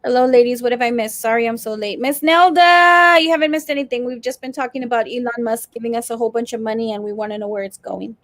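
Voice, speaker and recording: A woman co-hosts a casual livestream for educators, her voice sitting on the higher side. She chats freely and greets viewers by name. The sound is dry and close. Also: fairly even intonation, racing, hardly any pauses, dry recording. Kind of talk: casual chat.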